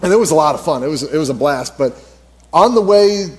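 A fairly high-voiced man speaking at church in a loose, storytelling way. He rambles, fills gaps with "uh" and "like," and breaks into laughter as he talks. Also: lively intonation, fairly quick. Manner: rambling, laughs often, many fillers. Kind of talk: casual storytelling sermon.

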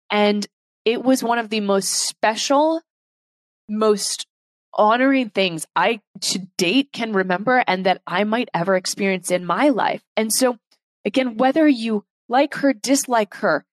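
A woman hosting a podcast, speaking earnestly and from the heart in an unhurried solo monologue. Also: medium pitch, no room sound. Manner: reads a poem aloud slowly and softly. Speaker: podcast host. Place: London.

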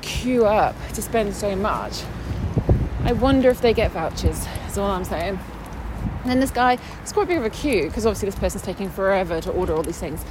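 A woman's voice: medium pitch, expressive, brisk, noisy background. A young woman vlogging, telling her day in a chatty, sarcastic way. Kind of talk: casual chat.

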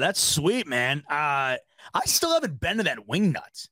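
A man hosting a sports podcast, chatting casually and telling stories in a rambling, animated way. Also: medium pitch, moderate pace, dry recording. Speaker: podcast host.

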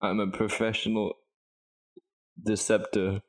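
A man's voice: on the low side, level tone, measured pace. A man playing a tabletop game, chatting with dry, teasing remarks. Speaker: player. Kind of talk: casual banter at a game table.

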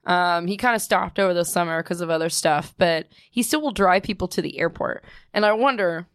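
A woman's voice: on the low side, fairly quick, clean tone, no echo, studio quality. A young adult woman from Ohio co-hosting a podcast, chatting casually with friends, rambling and laughing often. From Ohio, USA. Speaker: podcast co-host. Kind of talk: casual chat.

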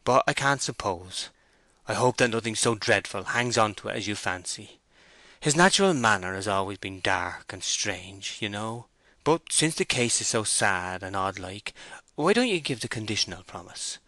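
A steady, plain-spoken farm bailiff who weighs each word slowly and gravely, as a male reader puts him on. The voice is low and forceful, with a dry, close sound. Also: no room sound. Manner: slow, grave, homely. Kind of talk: audiobook character voice.

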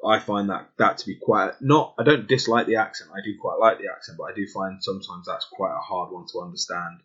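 A man's voice: fairly low pitch, fairly even intonation, brisk, a bit bright, breathy edge, dull audio. An English man co-hosting a podcast in casual chat, talking in rambling stretches with jokey asides and restarts. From England. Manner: chatty, self-interrupting, jokey asides. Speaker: podcast co-host.

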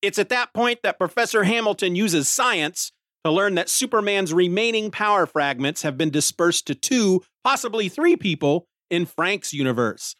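A man's voice: high voice, expressive, normal speed, fairly bright tone, no room sound, studio quality. Man casually recapping a comic. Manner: rambling, with restarts and short laughs. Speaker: podcast host reviewing a comic.

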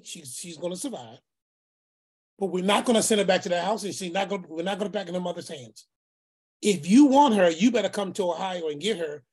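A man telling a family story in a casual, animated way, often repeating phrases and acting out the people in it, sometimes in a preacherly tone. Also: high-pitched, breathy edge. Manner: preacherly, speaks of faith.

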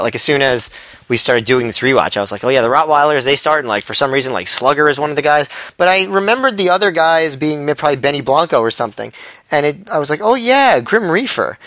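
A man's voice: mid-range voice, fairly bright tone, dry recording. A man co-hosting a podcast, talking casually with many fillers and restarts. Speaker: podcast co-host. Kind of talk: casual chat.

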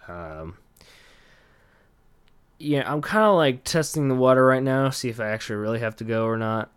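Expressive and mid-range at a normal speed, a young man hosts a casual solo podcast, meandering through filler-heavy talk and often laughing at his own expense. The tone is clean, with no echo.

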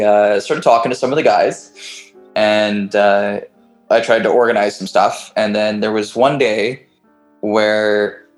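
A man with a lowish voice, heard on a rough recording, appears as a podcast guest and tells a long personal story in casual chat. He rambles with restarts and fillers, dropping the occasional swear word.

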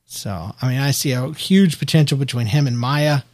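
A man co-hosting a casual show recap podcast, talking in a rambling, animated way with frequent restarts. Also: medium pitch, normal speed. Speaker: podcast co-host.

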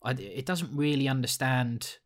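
A man's voice: medium pitch, lively intonation, unhurried. A man with a blunt, sweary, rambling manner, chatting casually as a podcast co-host reviewing a film.

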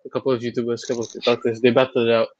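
A man hosting a podcast in casual chat, teasing and animated, with lots of fillers. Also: medium pitch, rapid-fire, highs cut off, background noise. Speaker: podcast host.

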